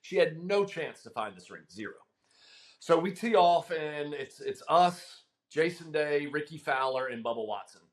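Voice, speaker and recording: A middle-aged man, a guest caddie, telling a long story in casual chat, animated and laughing, with frequent ums. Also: on the high side, normal speed.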